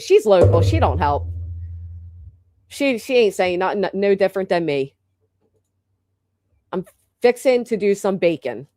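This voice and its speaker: A woman's voice: mid-range voice, dry recording, clean studio sound. A woman hosting a casual live chat with viewers, blunt and joking, swearing freely, with a local American accent that drops the final g. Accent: local regional American, drops final g. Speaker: livestream host.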